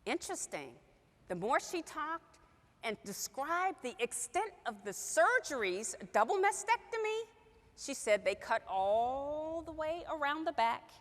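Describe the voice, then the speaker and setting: Woman, high lively voice, bright tone, emotional storytelling, long hall reverb. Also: unhurried. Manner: animated storyteller, acts out quoted dialogue. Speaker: company sales trainer.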